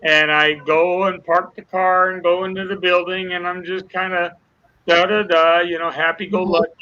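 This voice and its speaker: A man's voice: high-pitched, little pitch movement, normal speed, sharp tone, dull audio. An older man, a guest, telling an emotional personal testimony, acting out the dialogue as he goes. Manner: earnest storyteller acting out dialogue.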